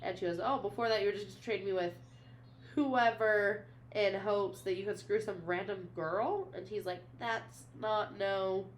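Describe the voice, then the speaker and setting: A woman's voice: mid-range voice, normal speed, a little hiss or hum. A young woman co-hosting a podcast, casually recapping a book and reading quoted lines aloud, with lots of "she's like". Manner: retells scenes, reading quotes aloud, many "she's like" fillers. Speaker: podcast co-host.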